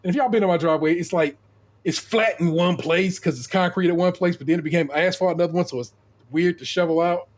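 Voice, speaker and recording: A man's voice: sits high, quick pace. A middle-aged man on a podcast, casually telling a profane story and acting out the people in it. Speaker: podcast co-host.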